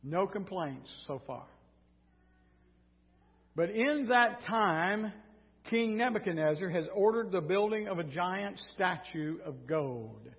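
High-voiced preacher in an echoing hall. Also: male voice, takes it slowly. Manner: animated storytelling, sarcastic asides. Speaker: pastor. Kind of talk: sermon. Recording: dull sound in a reverberant hall.

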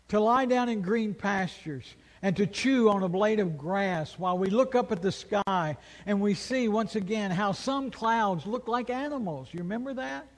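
Male pastor, high voice, unhurried delivery, emphatic sermon with rhetorical questions, echoing hall. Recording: long reverb of a large hall.

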